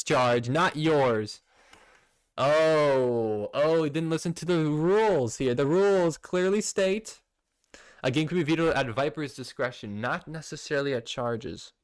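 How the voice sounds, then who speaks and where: A young man streaming casually, reading out viewer messages with playful, laughing indignation. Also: on the high side. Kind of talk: casual livestream chat.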